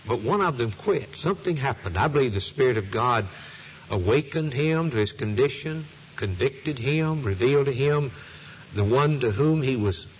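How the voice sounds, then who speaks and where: A man preaching a sermon at an ordinary middle pitch, building his points through repetition and rising emphasis. A faint hiss of background noise sits under his voice. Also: lively intonation, moderate pace, poor audio. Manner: preaching with a swelling, emphatic cadence and repeated phrases.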